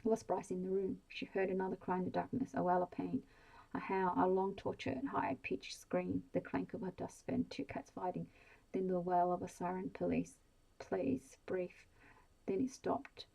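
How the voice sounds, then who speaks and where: Hushed, husky woman reading a bedtime story. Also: fairly low pitch, rough recording. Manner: slow, hushed, even delivery. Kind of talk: soft-spoken ASMR bedtime story reading.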